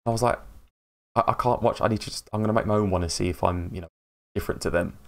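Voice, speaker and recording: A man's voice: fairly low pitch, fairly even intonation, fast talker, creaky. A man chatting casually on a live stream, rambling and laughing at himself as he greets viewers.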